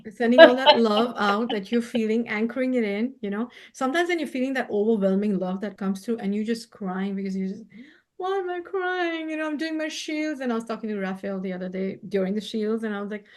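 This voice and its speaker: Gentle, effusive woman on a video call. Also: medium pitch, fast, few pauses. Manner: gentle, effusive, laughs often. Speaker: spiritual healer and co-host. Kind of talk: casual heartfelt conversation.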